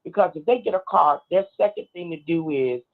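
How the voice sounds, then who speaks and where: A woman's voice: lowish voice, animated, fairly quick. Earnest woman caller on phone line. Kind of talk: call-in radio commentary.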